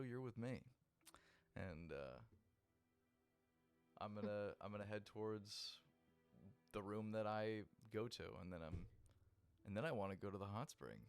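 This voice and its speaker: Smooth low-voiced male player. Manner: joking, flustered, laughs often. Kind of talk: casual tabletop play.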